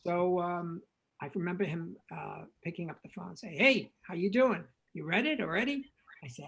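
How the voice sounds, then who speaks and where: Gravelly older man spinning stories. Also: sits high, normal speed, poor audio. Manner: lively raconteur, acts out quoted dialogue, frequent repetitions. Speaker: film director, interview guest. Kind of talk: animated storytelling anecdote.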